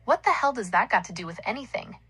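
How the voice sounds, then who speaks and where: A woman voicing a gruff, impatient small-town sheriff who barks orders. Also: mid-range voice, sing-song, quick pace, fairly bright tone, exaggerated voice.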